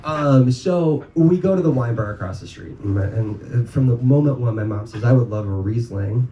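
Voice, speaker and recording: A man's voice: mid-range voice, moderate pace, mellow, dull audio. A man from North Dakota telling a story live to an audience, casual and rambling, full of ums and swearing. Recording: echoey live room from far off, noisy.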